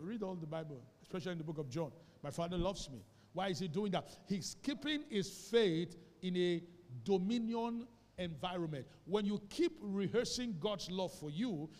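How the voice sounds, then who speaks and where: High-voiced Nigerian preacher in a reverberant hall. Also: male voice, animated, normal speed. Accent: Nigerian English. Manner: preaching with call-and-response, swinging between quiet asides and shouts. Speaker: pastor. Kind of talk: sermon. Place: church hall.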